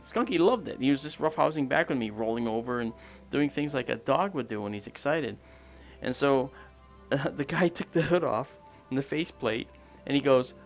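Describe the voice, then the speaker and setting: A man hosting an astronomy livestream, telling a long casual anecdote outdoors at night, rambling with fillers and restarts. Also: medium pitch. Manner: rambling, many fillers and restarts, animated quoted dialogue.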